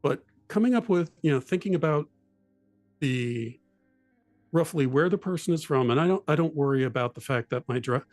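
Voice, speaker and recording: A man in casual chat about tabletop role-playing, animated, explaining and acting out voices. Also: on the high side, moderate pace, dry recording, faint music behind.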